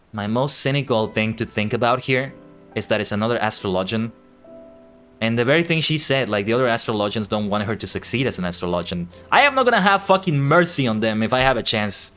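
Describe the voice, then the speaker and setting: Excitable man streaming a game. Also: medium pitch, fast talker, soft background music. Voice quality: excitable, joking, swears freely. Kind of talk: casual gaming commentary.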